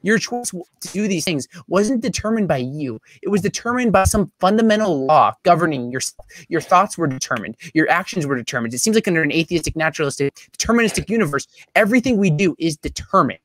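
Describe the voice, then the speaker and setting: A young man giving a debate closing statement over a video call, talking rapidly with many fillers and restarts. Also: fairly high pitch, animated, fairly bright tone. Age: young adult.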